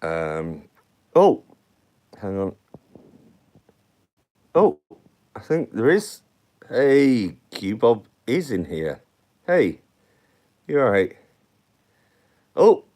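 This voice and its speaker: Slow, deep-voiced man rambling. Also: a little mellow. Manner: rambling, chatty, talks to the chat. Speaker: live streamer. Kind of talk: casual live-stream chat.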